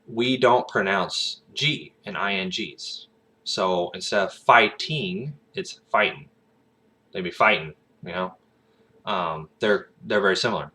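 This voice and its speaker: A low-pitched man with a Southern American accent chats through a rambling vlog. His voice is bright and forceful even at its deep pitch. He pauses on fillers and restarts his sentences often. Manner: breaks into brief high-pitched accent imitations. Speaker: aspiring actor.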